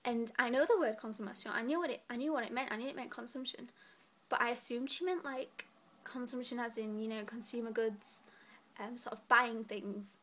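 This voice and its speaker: A woman's voice: a little high, brisk. Giggly teen girl, a bit breathless. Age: late teens. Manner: chatty, giggly, rambling. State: a little out of breath. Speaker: student vlogger. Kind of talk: casual vlog chat. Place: bedroom, lying in bed.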